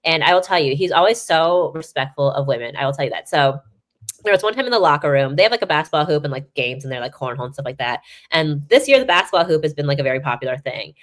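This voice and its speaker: A low-pitched woman talks quickly and animatedly as a sports reporter on a podcast. Her stories tumble out with plenty of "like" and "you know". The feel is loose, casual guest chat over a remote live-stream mic. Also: lively intonation.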